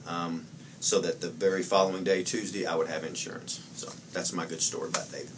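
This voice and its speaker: A man's voice: low-pitched, level tone, a little fast, far from the mic, a little hiss or hum. A man sincerely telling a short story of gratitude, with frequent fillers. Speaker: coworker giving a tribute. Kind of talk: casual anecdote.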